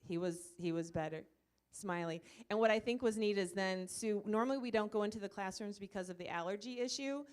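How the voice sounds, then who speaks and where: A woman's voice: mid-range voice, a little fast, darkish tone, clear, resonant tone. Chatty woman telling a story. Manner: chatty storytelling with many fillers. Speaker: church ministry leader presenting a comfort dog. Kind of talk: informal presentation to a church group. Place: church meeting room, live audience.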